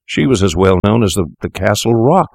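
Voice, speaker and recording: A man's voice: on the low side, lively intonation, fairly quick, gravelly, no room sound, clean studio sound. A man voicing a worried young male medical student who raises objections in a storybook reading. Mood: anxious.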